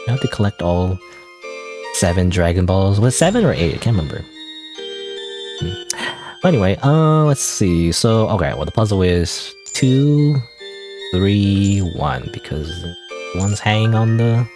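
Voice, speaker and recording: A man with a naturally deep voice rambling self-deprecatingly through casual gaming commentary. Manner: rambling, self-deprecating, lots of fillers and laughs. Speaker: gaming streamer. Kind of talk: casual let's-play commentary.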